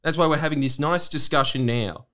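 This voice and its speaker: A man's voice: a little high, a little fast, sharp tone. A man in casual podcast chat, making dry, blunt remarks. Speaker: podcast co-host.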